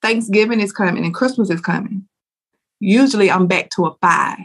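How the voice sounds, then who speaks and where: A woman guest on a podcast talks frankly and earnestly. Her way of speaking is casual and conversational, and her pitch sits in a middle range. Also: moderate pace, husky. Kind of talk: candid interview talk.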